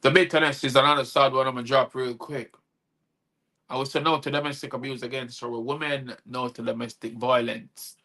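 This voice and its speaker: A man's voice: medium pitch, steady tone, a little fast, pushed and bright. A man hosting a show and performing his own rhyming spoken-word poems, laughing at his own lines. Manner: rhythmic rhyming delivery, chuckles at own lines. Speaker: host and poet.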